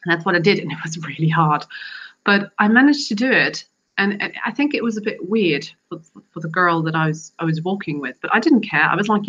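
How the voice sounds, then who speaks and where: A young woman chats to camera in a rambling, easygoing way, restarting her sentences often. Her voice sits a little low. The recording sounds slightly dull and lo-fi. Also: lively intonation, brisk, fairly bright tone. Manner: chatty and rambling, with many restarts. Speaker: vlogger. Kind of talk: casual chat to camera.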